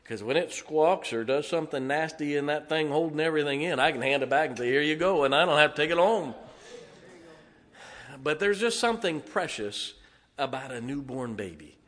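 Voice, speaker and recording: A man's voice: a little high, lively intonation, fairly quick, fairly bright tone. A middle-aged man, a pastor giving a folksy sermon full of jokes and heartfelt asides. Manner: folksy, joking, emotional asides, frequent uh fillers. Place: church sanctuary.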